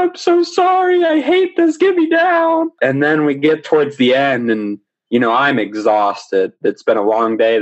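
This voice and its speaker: A young man tells a story in a relaxed, animated way, his voice sitting at an ordinary middle pitch. He laughs often as he talks. The recording is slightly dull and lo-fi. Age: young adult. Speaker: podcast guest. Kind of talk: casual storytelling.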